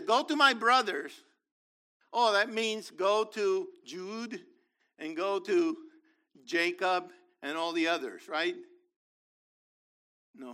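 Man, bible teacher, animated, swooping intonation, sharp bright tone. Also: sits high. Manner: enthusiastic, explains as he reads scripture aloud.

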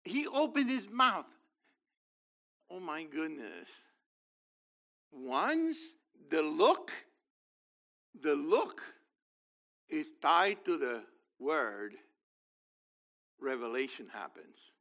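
A man's voice: on the high side, sing-song, drawn-out words, vocal fry, long pauses, sharp tone. A man teaching from the Bible, reading verses aloud and explaining them with enthusiasm.

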